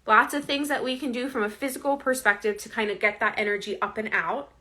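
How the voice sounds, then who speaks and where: A woman's voice: a little high, steady tone, fast talker, sharp tone. A woman coaching viewers in a casual, earnest, conversational way, often checking in with "right?". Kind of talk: casual direct-to-camera advice.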